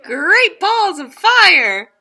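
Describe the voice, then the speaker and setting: A loud, bossy goose booms out slow cowboy exclamations, as a woman puts it on for a story. The voice sits high and bright and stretches every word. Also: big pitch swings, creaky, full character voice. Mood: booming. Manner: booming, drawn-out exclamations.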